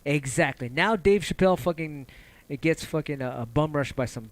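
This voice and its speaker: A man's voice: normal speed, dry recording. A man hosting a casual livestream, talking loosely and passionately, cursing often and rambling between ideas. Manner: animated, jumps in pitch when excited. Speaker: livestream host.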